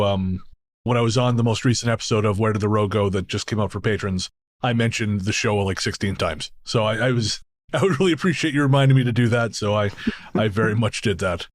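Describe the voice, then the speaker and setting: A man's voice: medium pitch, a little fast. A man co-hosting a podcast in casual chat, rambling and self-deprecating, laughing at his own stories. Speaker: podcast co-host.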